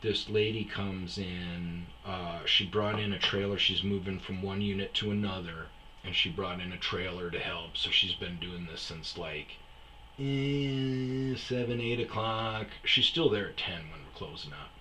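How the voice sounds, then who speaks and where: Lower-voiced, crisp man telling stories. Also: unhurried, slight background noise. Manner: profane, animated, acts out dialogue. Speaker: storyteller host. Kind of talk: casual storytelling.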